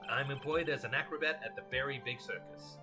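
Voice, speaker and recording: A man voicing a timid young male acrobat in a soft, slightly raised, earnest voice. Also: medium pitch, brisk, music in the background, voice pushed up, lightly acted.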